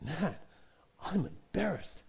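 A proud army commander grumbles to himself, self-conscious and embarrassed, voiced by a man retelling the story from the pulpit. The voice sits high and moves a lot, and the grumbling stays plain rather than theatrical. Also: sing-song, slow, vocal fry, a little mellow, breathy edge, in a large hall, full character voice.

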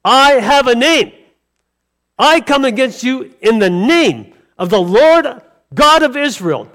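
A man voicing a bold young shepherd who defiantly shouts down a giant. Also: extremely high pitch, big pitch swings, slow pace, voice pushed up, full character voice. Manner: defiant, loud and rising.

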